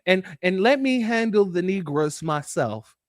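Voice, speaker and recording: A man's voice: high voice, expressive, measured pace, no echo, clean studio sound. A man doing a sugary condescending woman. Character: mocking impression of a condescending woman politician.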